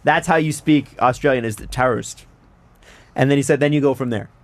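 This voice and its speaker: A man co-hosting a podcast in casual chat, animated and laughing often, his voice swooping up for emphasis. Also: mid-range voice, quick pace, no room sound. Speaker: podcast co-host.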